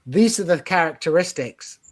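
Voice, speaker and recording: Man, podcast host, fairly high-pitched, opinionated, animated casual political talk. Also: normal speed.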